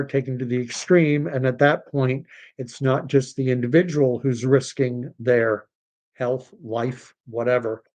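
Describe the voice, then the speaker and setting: A middle-aged man from Canada talks through his livestream in a loose, rambling way. His voice sits in a middle pitch, and he sounds contrarian and scornful when he pushes back on ideas. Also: a little mellow. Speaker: livestream host. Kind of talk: casual livestream commentary.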